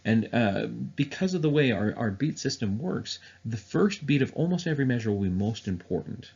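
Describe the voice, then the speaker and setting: A man's voice: medium pitch, lively intonation, normal speed, gravelly, a little mellow, husky, muffled recording. A man teaching music theory in a recorded online lesson, explaining step by step with frequent "uh" and "um" fillers.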